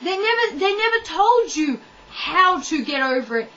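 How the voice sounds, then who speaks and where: A woman's voice: very high-pitched, big pitch swings, normal speed, sharp tone, highs cut off. A woman ranting to the camera in a blunt, heated way, swearing and talking straight to the viewer. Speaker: vlogger. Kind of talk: ranting monologue.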